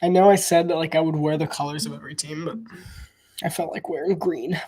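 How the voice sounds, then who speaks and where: A man's voice: fairly high pitch, fairly even intonation, fairly quick, warm tone. Chatty man doing live football commentary. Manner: chatty, hedging, thinks aloud with restarts. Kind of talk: casual live play-by-play commentary.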